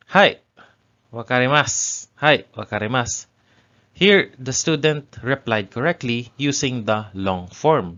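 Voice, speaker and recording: A man teaching a language lesson, explaining grammar step by step and repeating each example phrase slowly. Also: mid-range voice, a bit bright, highs cut off.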